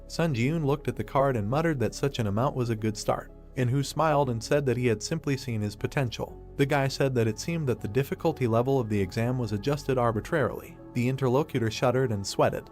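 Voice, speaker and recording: A man narrating a comic story recap in a steady, scripted read-aloud style. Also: mid-range voice.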